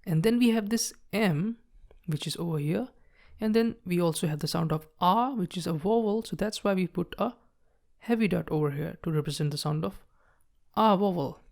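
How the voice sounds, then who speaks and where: A woman's voice: fairly low pitch, normal speed, gravelly, darkish tone. A woman teaching shorthand in a patient tutorial, explaining each stroke as she writes and often checking in with "okay, so see". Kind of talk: step-by-step tutorial.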